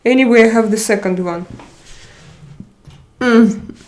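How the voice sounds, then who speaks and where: Woman streamer, slow unhurried talk, hesitant, chatting with viewers. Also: a little high, darkish tone. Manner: hesitant, searching for words with many pauses. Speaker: livestream host. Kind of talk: casual livestream chat, reading comments aloud.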